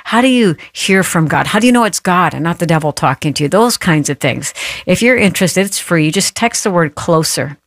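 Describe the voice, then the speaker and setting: A woman's voice: on the low side, dry recording, studio quality. Affirming woman hosting a faith show. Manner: warm, affirming, interjects encouragement. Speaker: host of a Christian talk show. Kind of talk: radio-style faith interview.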